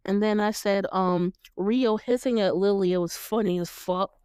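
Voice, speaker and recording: A young woman hosting a casual TV recap chat, animated and laughing, acting out lines in playful voices. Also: mid-range voice, moderate pace, clean tone, dry recording. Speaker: podcast host.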